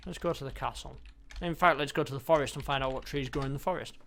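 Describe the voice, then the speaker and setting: A man giving sarcastic, deadpan commentary while playing an old computer game. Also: mid-range voice, quick pace, gravelly, slight background noise. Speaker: video game reviewer. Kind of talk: comedic let's-play commentary.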